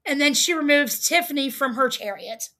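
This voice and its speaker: A woman's voice: sits high, expressive, normal speed, sharp tone. A woman hosting a livestream, casually recapping a reality show episode, chatty and amused with frequent ums and laughs. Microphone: streaming setup, close mic.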